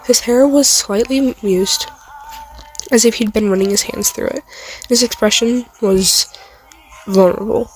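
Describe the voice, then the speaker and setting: A woman's voice: a little high, a little slow, pauses often, poor audio. A woman reading a fan fiction story aloud in a casual way, now and then stumbling over words and apologizing.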